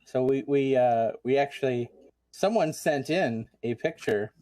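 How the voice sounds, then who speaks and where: A man's voice: mid-range voice, unhurried, mellow, no room sound. A man hosting a casual convention panel, rambling with many ums and restarts. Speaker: convention chair, panel host.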